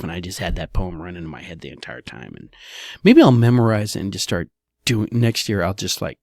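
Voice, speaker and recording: A man's voice: deep voice, creaky, no room sound, studio quality. A man, a real estate broker, talking casually in a solo podcast, loose and chatty, often saying "all right".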